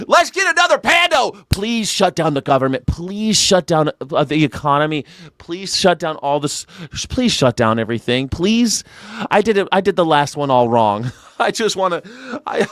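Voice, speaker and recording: A man's voice: on the high side, a bit bright, smooth, no echo, studio quality. Sarcastic, joking young man. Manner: sarcastic, joking, swears freely. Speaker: news reaction show host. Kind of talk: comedic news reaction commentary.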